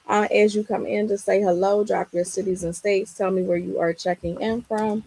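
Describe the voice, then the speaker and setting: Raspy-voiced woman hosting a livestream. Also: mid-range voice, a little fast, hardly any pauses, dark tone, a little hiss or hum, low-quality recording. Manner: greets viewers by name, upbeat and chatty. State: strained, raspy voice. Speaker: livestream host and Canva teacher. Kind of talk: casual livestream chat.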